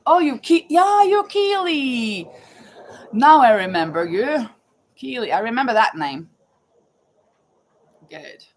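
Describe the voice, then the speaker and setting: A woman's voice: a little high, very animated, measured pace, pauses often, low-quality recording. A woman hosting a casual live chat, reading trivia questions aloud and greeting viewers by name. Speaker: livestream host running a trivia quiz.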